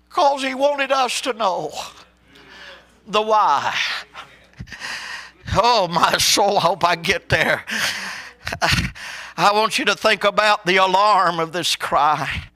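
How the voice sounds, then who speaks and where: A man preaching an impassioned sermon, addressing listeners as brother and sister and my friend, swinging from low, slow passages to high shouted cries.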